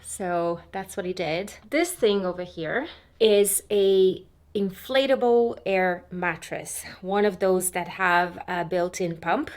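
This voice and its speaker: A woman's voice: fairly low pitch, slow pace. A woman talking casually to her camera in a vlog, rambling a little with fillers and trailing thoughts. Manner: chatty, rambling, with many fillers. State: out of breath. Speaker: vlogger.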